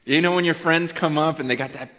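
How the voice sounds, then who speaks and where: Earnest male pastor with a high voice giving a holiday sermon, shifting from loud to hushed, recorded dull in a reverberant hall. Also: quick pace. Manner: earnest, repeats words, swings from loud urging to hushed. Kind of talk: Christmas Eve sermon. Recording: muffled sound with long hall reverb.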